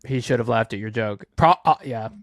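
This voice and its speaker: Gravelly dude riffing and teasing his buddy on a podcast, dry close mic. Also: medium pitch, brisk, no echo. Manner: riffing, teasing, backchannels a lot. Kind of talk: casual comedic banter.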